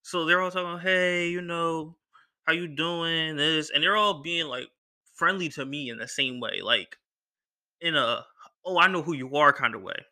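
Bright-voiced young man telling a story. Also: on the high side, normal speed. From Philadelphia, US. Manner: animated storyteller, acts out quoted voices. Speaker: podcast host. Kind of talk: casual storytelling monologue.

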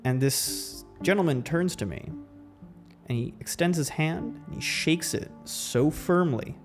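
A man's voice: on the high side, unhurried, over music. A man hosting a podcast, telling a personal story in a loose, reflective way, full of restarts. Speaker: podcast host. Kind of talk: casual storytelling.

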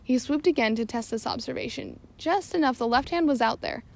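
Woman with a gravelly voice reading aloud. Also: sits high, a little fast. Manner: steady reading with occasional slips and self-corrections. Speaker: audiobook narrator. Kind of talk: scripted narration.

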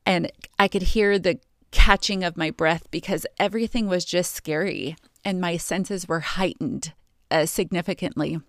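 A woman with a somewhat low voice tells a personal testimony of faith. She speaks earnestly and reflectively, pausing often and reaching for words. The recording is dry, with no room sound. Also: no echo. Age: adult, married. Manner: earnest, reflective, with pauses and fillers. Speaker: Christian speaker sharing a testimony.

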